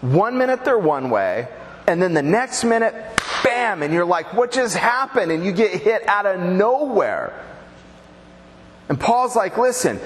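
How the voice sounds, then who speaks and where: Joking man preaching in a reverberant hall. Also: medium pitch. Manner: conversational, joking preaching to a congregation. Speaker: pastor. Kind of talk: sermon. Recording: reverberant hall, faint background noise.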